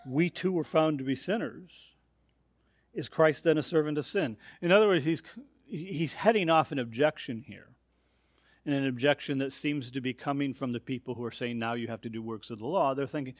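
A man's voice: medium pitch, normal speed, no echo, studio quality. Emphatic man preaching verse by verse. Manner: emphatic, explains verse by verse with rising stress on key points. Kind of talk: expository sermon.

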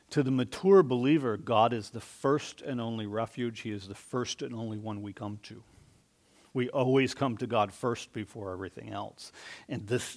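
A man preaching a conversational sermon, rising for emphasis and dropping soft. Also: medium pitch. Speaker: pastor.

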